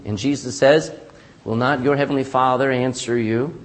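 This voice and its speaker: A man pastor preaching a sermon, animated and calling out for "amen" from the congregation. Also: on the high side, a little fast. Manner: animated preaching with frequent call-and-response "amen".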